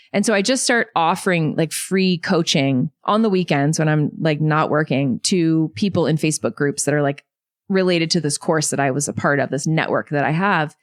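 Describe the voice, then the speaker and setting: Woman, 30s, podcast guest, low voice, dry close sound, animated storytelling. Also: dry recording. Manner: animated, quick storytelling with many likes and you knows. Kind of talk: storytelling in an interview.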